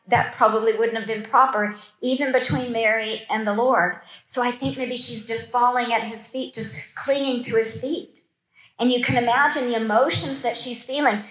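A woman teaches a Bible study sermon in a fairly high voice. She reads the verses aloud, then breaks off into casual, conversational asides about them. The room adds a noticeable, roomy echo. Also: fairly even intonation, normal speed, fairly bright tone.

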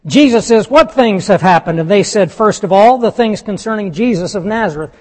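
Brief: male preacher, high voice, emphatic sermon delivery with rhetorical questions, long hall reverb. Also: animated, a little fast.

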